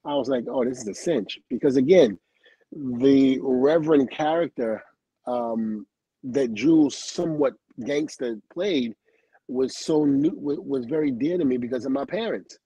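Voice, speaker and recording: Husky, mellow-voiced storytelling man. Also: mid-range voice, unhurried, no room sound, low-quality recording. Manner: lively storyteller who acts out quoted dialogue, laughs often, swears. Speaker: guest. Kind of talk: telling wrestling career stories on a livestream.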